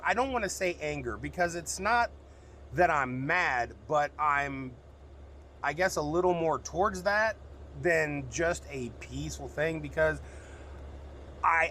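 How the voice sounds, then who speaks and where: A man's voice: sits high, sharp tone, slight background noise. Frank, rambling trucker man. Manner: frank, rambling, cusses freely. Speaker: truck driver and vlogger. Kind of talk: casual vlog talk.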